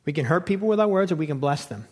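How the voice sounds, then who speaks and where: A man's voice: on the high side, expressive, racing. A middle-aged man preaching a sermon in a casual, conversational way, often checking in with "okay?" and repeating himself for emphasis. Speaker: pastor.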